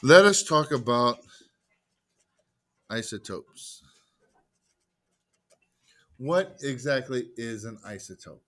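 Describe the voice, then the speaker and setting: A man's voice: medium pitch, animated, slow pace, pauses often, fairly bright tone. Man lecturing, quizzing the class. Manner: asks the class questions and answers them himself; casual, jokey asides. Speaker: teacher.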